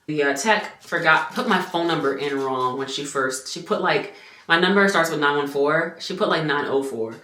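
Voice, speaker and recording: A young woman talking straight to camera in a fairly low voice, with a roomy echo around her. She is animated and blunt in this casual story. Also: moderate pace. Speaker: vlogger. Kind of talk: casual chat.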